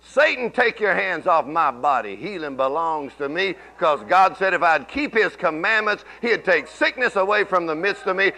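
A middle-aged man preaching a sermon, telling folksy stories and swinging from low murmurs to loud exclamations. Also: animated, normal speed, hardly any pauses. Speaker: pastor.

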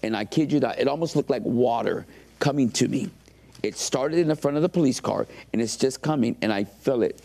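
A man's voice: medium pitch, fairly quick, vocal fry, mellow. A man earnestly telling his faith testimony in an interview, emotional as he recounts it.

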